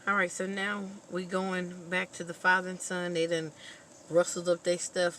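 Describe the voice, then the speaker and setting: A woman vlogger casually retelling a movie plot in an animated, expressive storytelling manner. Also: on the low side, moderate pace, slight background noise, low-quality recording.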